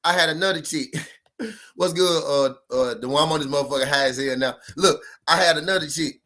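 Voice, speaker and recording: Speaking a little high and fairly quick with a sharp tone, a relationship-advice vlogger tells his viewers a story in a casual way. His delivery is profane, repetitive street talk, pressing his points emphatically.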